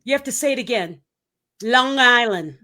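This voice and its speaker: A woman's voice: a little high, expressive, normal speed, sharp tone. A middle-aged woman from the Philippines hosting an interview show, effusive and enthusiastic, laughing often. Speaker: show host.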